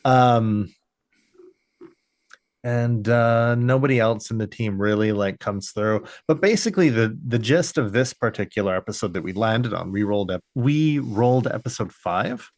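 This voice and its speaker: Clean studio sound with no room echo captures this man's lower-pitched voice at a moderate pace. Co-hosting a podcast, he chats casually, wandering off track and often restarting his sentences amid lots of fillers.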